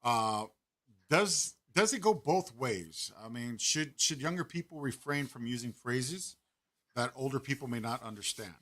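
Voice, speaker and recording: A man's voice: mid-range voice, a little slow. A middle-aged man hosting a podcast, chatting casually and putting questions to the audience. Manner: animated, poses questions to the audience, swears casually. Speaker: podcast host.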